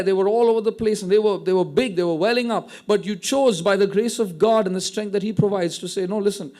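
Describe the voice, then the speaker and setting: A man preaching a sermon, retelling a story with animated acted-out quotes and frequent word restarts. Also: high-pitched. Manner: repeats words when restarting. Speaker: pastor.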